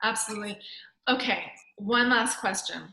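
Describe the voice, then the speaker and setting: A woman's voice: mid-range voice, normal speed, pushed and bright, echoey room, rough recording. A woman hosting an interview, affirming and reflective as she responds to her guest. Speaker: interview host. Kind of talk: casual interview conversation.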